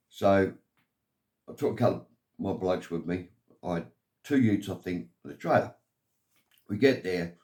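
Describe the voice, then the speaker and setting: Deep and a little mellow, this older English man's voice carries a long personal story on his vlog. He wanders from point to point, sounds aggrieved, and repeatedly falls back on "anyway."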